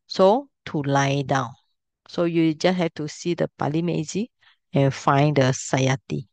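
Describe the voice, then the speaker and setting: A woman's voice: sits low, unhurried, darkish tone, no room sound. A middle-aged woman teaching a language class, patiently explaining step by step and checking if students can follow.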